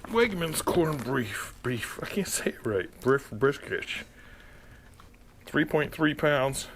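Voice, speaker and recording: A man demonstrates a home recipe in a jokey, hammy way, rambling between steps. His pitch moves around a lot, and the clip audio carries clear background noise. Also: lively intonation, slow pace. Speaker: home cooking video host. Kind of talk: casual cooking demonstration.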